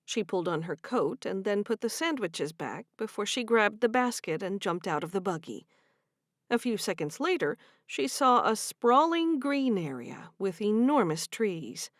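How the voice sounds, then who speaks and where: Woman narrating a gentle romance audiobook. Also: medium pitch, sing-song, measured pace, no echo, clean studio sound. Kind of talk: scripted narration.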